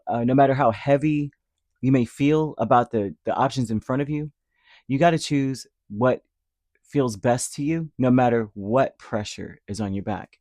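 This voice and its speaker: A man's voice: mid-range voice, darkish tone, no echo, studio quality. A man giving a casual tarot reading, rambling with many fillers and slipping into short acted-out quotes. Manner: rambling, filler-heavy, acts out little imagined quotes. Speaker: tarot reader.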